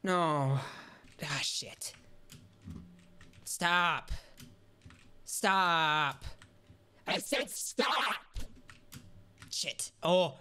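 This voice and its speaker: Low-voiced woman swearing through a game. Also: lively intonation, extremely slow, pauses often, a little hiss or hum. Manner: swears and yells when frustrated; talks to herself while playing. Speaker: gaming streamer. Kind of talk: casual gameplay commentary.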